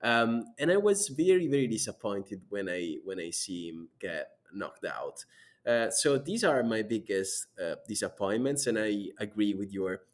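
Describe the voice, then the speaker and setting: A man hosting a casual podcast chat, talking with frequent pauses and filler words. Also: on the low side, lively intonation. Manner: hesitant, many "um"s and restarts. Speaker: podcast host.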